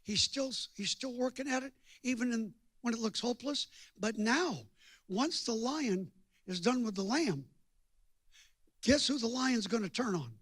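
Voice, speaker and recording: Older preacher with a high, dry voice. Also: male voice, a little slow, husky, no echo. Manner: folksy, joking, swings from hushed to loud. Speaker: guest preacher. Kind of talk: storytelling sermon.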